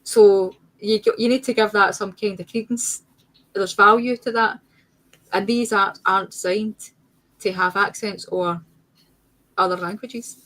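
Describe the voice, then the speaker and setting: A woman's voice: medium pitch, fairly even intonation, a little slow, fairly bright tone, poor audio. A woman, a guest in a casual chat, speaking emphatically and insistently with frequent restarts. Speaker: guest paranormal investigator.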